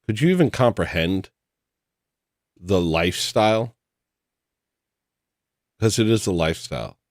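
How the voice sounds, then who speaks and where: Self-deprecating male streamer with a lowish voice, rambling and wry, dry close sound. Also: dry recording. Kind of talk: casual chat while gaming.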